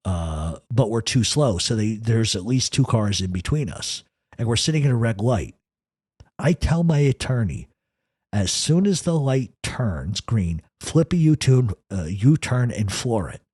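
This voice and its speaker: A man's voice: mid-range voice, darkish tone, slightly rough, dry recording, clean studio sound. A man telling a true crime story from his own life in casual first person, swearing heavily and talking with intensity. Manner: profane, intense, rapid retelling.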